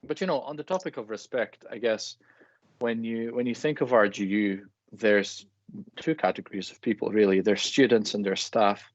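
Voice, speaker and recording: A man, a university lecturer, talking in a friendly, relaxed, self-deprecating way as a guest in a live discussion. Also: on the low side, moderate pace, no echo, lo-fi sound.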